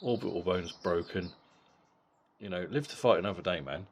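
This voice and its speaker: A man's voice: low-pitched, normal speed, breathy edge, lo-fi sound. A middle-aged man giving a casual, blunt boxing fight review, swearing freely and often repeating words as he goes. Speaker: boxing vlogger.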